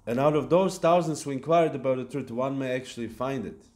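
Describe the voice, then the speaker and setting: A man giving a devotional lecture at a temple, speaking in a halting way with fillers and restarts. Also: medium pitch, darkish tone. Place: temple hall.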